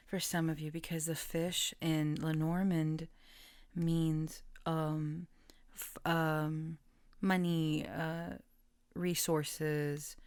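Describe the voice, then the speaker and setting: A woman giving a casual collective tarot reading, gentle and halting with many fillers, sometimes dropping into soft whispers. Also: deep voice, no room sound. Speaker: tarot reader.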